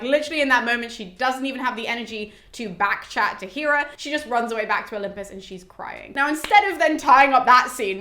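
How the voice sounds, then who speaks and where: A woman's voice: on the high side, bright, forceful tone. A young British woman casually retelling a classic poem as a podcast host, chatty and swearing freely. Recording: roomy echo.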